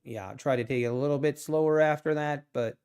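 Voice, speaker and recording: A man chatting casually on a live stream about his trading, relaxed and rambling, often poking fun at himself. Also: fairly high pitch, fast, clean tone. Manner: relaxed, rambling, self-deprecating, chuckles often. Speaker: livestream day trader.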